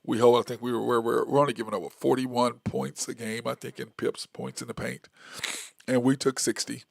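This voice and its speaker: A man with a gravelly, fry-tinged voice talks his way through a sports opinion monologue as the show's host. He rambles, restarts and counts stats aloud in a loose, casual way. The sound is dry and close, with no room around it. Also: mid-range voice, little pitch movement, brisk, dry recording. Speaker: sports talk show host.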